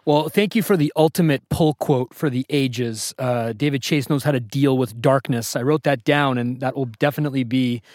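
A man's voice: medium pitch, moderate pace, few pauses, darkish tone, dry recording, studio quality. A man hosting a podcast interview, enthusiastic and affirming toward his guest. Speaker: podcast host. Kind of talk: interview questions.

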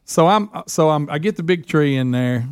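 Animated man telling a story. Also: fairly high pitch, normal speed, clean tone, no echo, clean studio sound. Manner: animated, self-mocking, rambling with restarts. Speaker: show regular telling a story. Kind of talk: casual storytelling chat.

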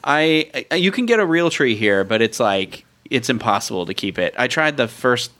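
A chatty man co-hosting a relaxed podcast, talking at a middle pitch. He drifts into self-mocking asides and laughs at his own slips. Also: normal speed. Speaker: podcast co-host. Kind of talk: casual chat. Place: home-style studio, seen on video.

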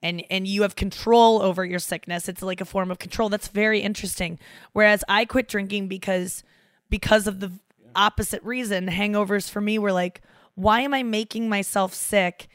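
Comedian lady in her 30s chatting on a podcast, smooth clear voice, dry close sound. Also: medium pitch, brisk, dry recording. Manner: animated storyteller who acts out quoted voices. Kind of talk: casual chat.

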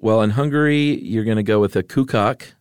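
Easygoing low-voiced male podcast host. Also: fairly quick, darkish tone, clean tone, no room sound, clean studio sound. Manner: easygoing, laughs often, loose storytelling. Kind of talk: casual podcast chat.

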